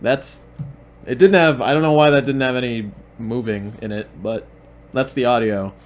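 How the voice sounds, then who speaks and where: A man's voice: medium pitch, normal speed, a little hiss or hum. A man hosting a stream, mocking the videos he plays in a sarcastic, repetitive way. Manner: sarcastic, deadpan, repeats himself. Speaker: stream host and commentator.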